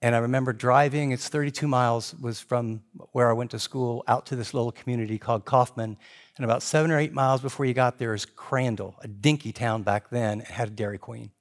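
An older man preaching a sermon in a conversational, animated way, jumping to high emphatic peaks and dropping to quiet asides. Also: brisk. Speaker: pastor.

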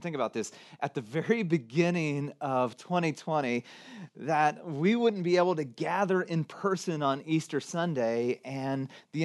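A man with a slightly higher voice preaches to a livestreamed church service. He talks in a conversational, earnest way, full of fillers and restarts, and drops softer at serious points. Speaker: pastor. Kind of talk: livestreamed Easter sermon.

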